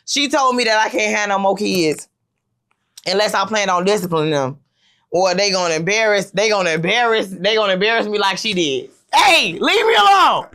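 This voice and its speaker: A woman's voice: mid-range voice, brisk, a bit bright, clear, resonant tone. A woman in her thirties hosting a podcast, telling rambling stories with lots of fillers in casual chat. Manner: rambling, storytelling with many fillers. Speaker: podcast host.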